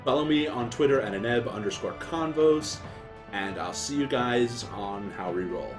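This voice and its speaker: A man's voice: mid-range voice, expressive, moderate pace, over music. A man and tabletop game player giving a dry, matter-of-fact show outro.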